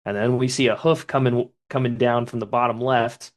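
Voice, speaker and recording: Man, mid pitch, co-host, plain panel-by-panel narration. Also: steady tone, normal speed. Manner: narrates panels plainly, reading character lines in turn. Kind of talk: casual chapter recap.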